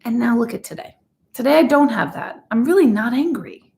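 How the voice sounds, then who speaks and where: A woman's voice: on the high side, lively intonation, brisk, vocal fry, a little mellow. A woman in her forties, an intuitive reader, chatting candidly with her live audience and swearing freely. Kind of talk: casual livestream chat.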